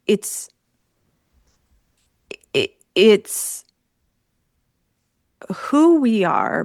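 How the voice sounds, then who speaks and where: Woman podcast co-host, unhurried and contemplative, dry close sound. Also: medium pitch, no room sound. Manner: slow, contemplative, thinks aloud. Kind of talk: reflective conversation.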